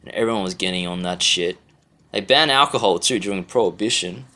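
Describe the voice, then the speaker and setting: Speaking fairly quickly in a low, bright, forceful voice, a male Australian vlogger unloads an exasperated rant straight to camera. The monologue is profane and meandering, and he keeps restarting and leaning on fillers.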